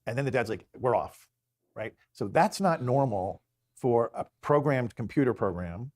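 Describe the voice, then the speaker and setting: A man in casual conversation, retelling a story in a rambling, animated way. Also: medium pitch, moderate pace, no room sound.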